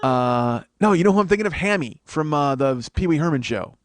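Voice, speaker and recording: On his comedy podcast, a man with a higher-leaning voice rattles off a long, wandering story, talking fast and animatedly while swearing and mocking himself.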